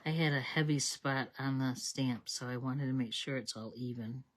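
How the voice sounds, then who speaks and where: A woman with a very deep voice runs a live card-making stream, chatting as she narrates each step to herself at her craft table. She speaks at a moderate pace.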